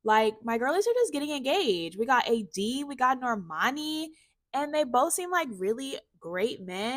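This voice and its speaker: A woman's voice: sits high, big pitch swings, normal speed, no echo, clean studio sound. A woman chatting casually with a playful, sassy manner. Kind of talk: casual chat.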